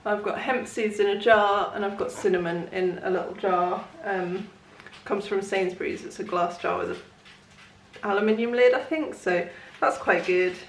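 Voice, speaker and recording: Young woman rambling in her kitchen, lots of ums and giggles, mid pitch, a little background hiss. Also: fairly even intonation, moderate pace. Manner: chatty, rambling, laughs often, many ums. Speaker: vlogger. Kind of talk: casual day-in-the-life vlog. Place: home kitchen.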